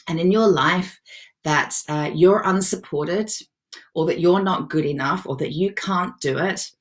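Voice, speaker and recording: Woman, low voice, casual live-stream host, encouraging, reads comments aloud. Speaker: self-love session host.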